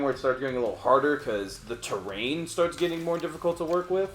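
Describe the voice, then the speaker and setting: A man's voice: mid-range voice, fast talker. A man hosting a let's play, talking casually and rambling through co-op gameplay commentary with the odd swear. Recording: echoey room, faint game music.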